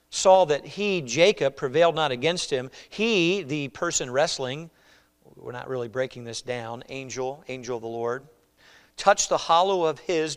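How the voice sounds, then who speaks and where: In a church, a pastor with a medium-pitched voice preaches conversationally, often checking in with "all right?" He shifts between loud emphasis and quiet asides.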